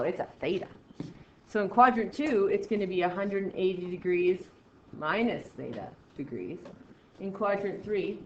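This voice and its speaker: A woman teaching a math lesson, brisk and encouraging, talking straight to her students. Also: fairly low pitch, a little mellow, a little hiss or hum. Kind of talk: classroom lesson. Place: classroom. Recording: muffled roomy classroom recording.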